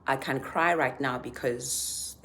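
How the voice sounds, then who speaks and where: Low-pitched young woman, emotional storyteller venting to camera, light background hiss. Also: takes it slowly, fairly bright tone. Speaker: vlogger. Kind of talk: casual vlog storytelling.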